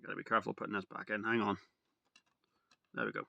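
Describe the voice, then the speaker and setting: A young man talking casually to camera as a video reviewer, rambling and excitable, full of "like" and "literally". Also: on the low side, fast talker, vocal fry, lo-fi sound, a little hiss or hum.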